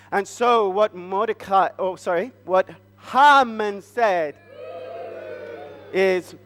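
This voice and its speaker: A man's voice: high-pitched, slow pace, fairly bright tone. A man telling an interactive Bible story to children at a family church service, playful and asking them questions.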